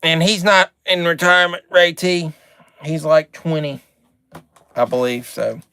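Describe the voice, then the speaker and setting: A man's voice: a little high, fairly even intonation, a little slow, bright, forceful tone, clear, resonant tone, no room sound. A man hosting a live card break stream, chatting, reading out names and card numbers, and sometimes getting irritated.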